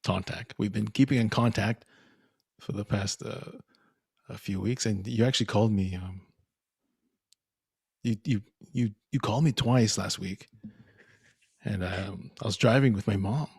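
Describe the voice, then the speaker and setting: A young man co-hosting a podcast, telling a story in animated casual chat and laughing often. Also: fairly low pitch, a little slow, creaky, pauses often, husky, no room sound, clean studio sound. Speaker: podcast co-host.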